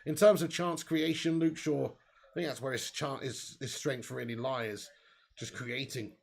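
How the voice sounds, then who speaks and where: A man's voice: medium pitch, steady tone, a little slow, creaky. A young man hosting a live football watch-along. He chats and laughs between play calls and reads out viewer comments. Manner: chatty, laughs often, reads out chat comments. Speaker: host.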